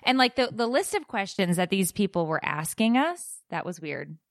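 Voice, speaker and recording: A woman's voice: medium pitch, normal speed, no room sound, clean studio sound. A young woman co-hosting a chat show, telling a story with lots of acted-out dialogue. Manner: animated storyteller, acts out quoted dialogue. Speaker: podcast co-host.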